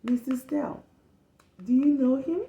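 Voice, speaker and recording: A woman's voice: high voice, unhurried, warm tone, roomy sound, highs cut off, pitched above the performer's own voice. A woman voicing a curious young schoolgirl who keeps asking innocent questions.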